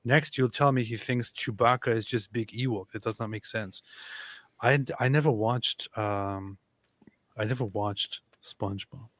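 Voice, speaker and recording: A man co-hosting a livestream, reading out viewer messages in a halting casual way, often chuckling. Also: fairly low pitch, steady tone, a bit bright. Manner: halting, many fillers and restarts, chuckling. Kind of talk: casual chat.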